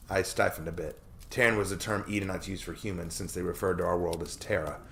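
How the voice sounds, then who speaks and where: A man reading aloud a first-person story he wrote himself, in a measured, expressive narrating manner. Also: low voice, creaky. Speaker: storyteller reading his own fiction.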